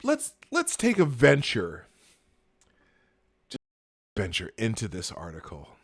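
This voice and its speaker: A male live-show host talks at an unhurried clip, his pitch bouncing from low grumbles up to high exclaims. He rambles through sarcastic asides, filling gaps with ums and breaking into laughter often. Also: huge pitch swings, husky. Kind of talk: casual live-stream commentary.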